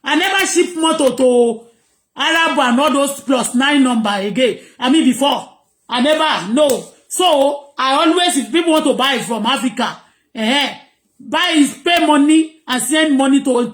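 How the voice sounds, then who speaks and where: Speaking at a measured pace in a high voice, a Nigerian woman rants emphatically to her viewers from home, repeating herself. She moves between Pidgin, English and Yoruba, and the recording sounds roomy.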